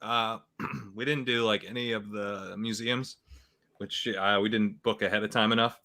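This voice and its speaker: A young man talks loosely on a live stream, rambling and circling back with plenty of fillers. His voice sits fairly low but has a bright, forward edge. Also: fairly even intonation, moderate pace. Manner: rambling, lots of fillers and laughs. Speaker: fantasy football podcast host. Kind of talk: casual live stream chat.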